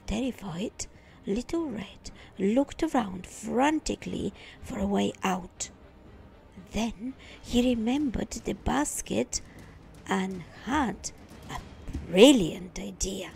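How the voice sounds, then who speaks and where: A woman reading a children's fairy tale aloud in an expressive, dramatic storytelling manner. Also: medium pitch, takes it slowly, creaky.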